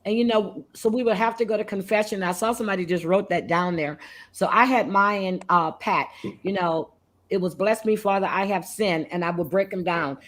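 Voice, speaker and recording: A woman's voice: mid-range voice, fairly quick. A middle-aged woman moderating a livestream chat, telling stories and laughing at her own jokes.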